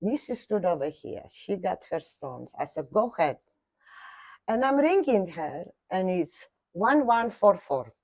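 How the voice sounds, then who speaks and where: An older woman telling a personal story in animated fashion, acting out other people's voices, with non-native grammar. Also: lowish voice, a little slow, no room sound. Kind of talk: animated anecdote.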